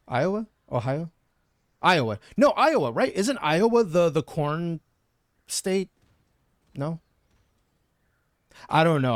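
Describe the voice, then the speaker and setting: Reading chat messages out loud and drifting between topics, this Texan streamer keeps things casual on his gaming livestream. His voice is a little high, and the recording sounds dry.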